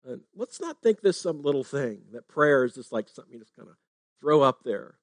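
A man's voice: medium pitch, very animated, brisk, no echo, clean studio sound. A man preaching a sermon in a conversational way, often checking in with "right?". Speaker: pastor.

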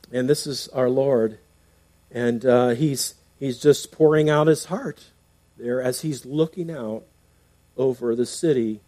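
A man's voice: mid-range voice, slow, dark tone, no room sound. A man preaching a sermon in a conversational way, reading scripture aloud and explaining it, often restarting with fillers. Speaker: pastor.

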